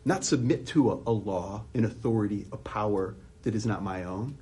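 A man's voice: on the low side, normal speed, hardly any pauses, dark tone, slightly rough. A man preaching an expository sermon, asking many rhetorical questions and often restarting his sentences.

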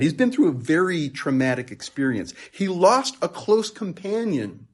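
A man's voice: on the high side, big pitch swings, moderate pace, husky. A man preaching a conversational sermon, earnest and emphatic, repeating words as he thinks aloud and rising into passionate peaks.

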